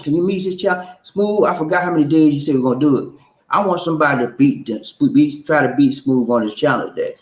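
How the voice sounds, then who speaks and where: A man's voice: on the high side, roomy sound, rough recording. A man hosting a casual live show, playful, chanting call-and-response lines and slipping into rhymes. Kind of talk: casual live-stream chat.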